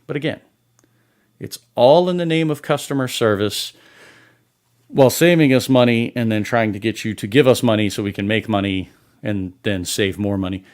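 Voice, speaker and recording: A man's voice: on the low side, moderate pace. Sarcastic swearing man ranting. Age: adult. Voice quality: sarcastic, exasperated, heavy swearing. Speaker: podcast host. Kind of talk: profane comedic rant.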